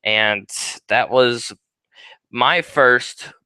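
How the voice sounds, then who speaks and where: A man's voice: mid-range voice, extremely slow, pushed and bright, clean tone, no echo, rough recording. A young man hosting his own paranormal talk show, speaking in a rambling, conversational way with ums and asides. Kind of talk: casual solo talk.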